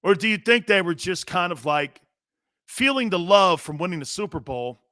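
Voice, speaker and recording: A brash male sports talk host fires off rhetorical questions in a slangy, opinionated monologue. His voice sits high and comes out bright and forceful. The sound is dry and close, with little room around it. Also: animated, moderate pace, no echo.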